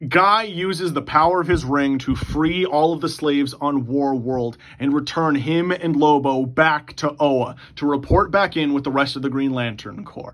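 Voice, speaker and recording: A man hosting his own channel, recapping an imagined story in a casual, excitable, profane way, rushing through in bursts. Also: a little high. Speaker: YouTube host.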